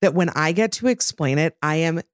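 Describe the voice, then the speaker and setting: A woman's voice: low voice, expressive, a little fast, no room sound, clean studio sound. A young adult woman co-hosting a podcast, chatting casually and animatedly with many fillers. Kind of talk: casual chat.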